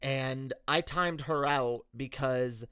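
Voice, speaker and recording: A male streamer telling a story in a candid, halting way, often restarting his sentences. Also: medium pitch, bright, forceful tone, smooth, dry recording, clean studio sound. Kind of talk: casual storytelling rant.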